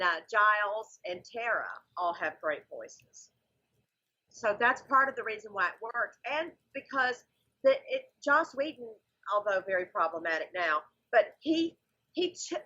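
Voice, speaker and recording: A woman's voice: fairly high pitch, very animated, unhurried, pushed and bright, breathy edge, muffled recording. A woman comedian chatting as a podcast guest, talking at length with enthusiasm. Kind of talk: casual podcast chat.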